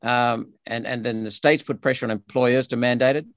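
A man's voice: mid-range voice, steady tone, normal speed, no room sound, studio quality. An Australian man speaking as a politician guest in a podcast interview, emphatic and indignant with frequent restarts.

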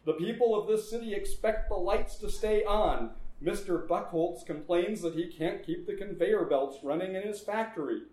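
A man's voice: high-pitched, normal speed, few pauses, a little mellow, voice pushed up, close to an everyday voice. Man putting on a pompous councilman. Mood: stern. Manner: indignant, raised questioning voice. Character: pompous male city councilman, middle-aged, complacent. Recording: echoey room.

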